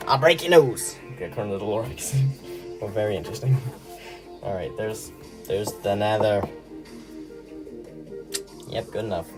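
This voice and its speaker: A man's voice: fairly low pitch, moderate pace, long pauses. Giggly young man streaming over music. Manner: rambling, giggly, self-deprecating. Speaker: livestreamer. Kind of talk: casual livestream chat while drawing. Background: background music.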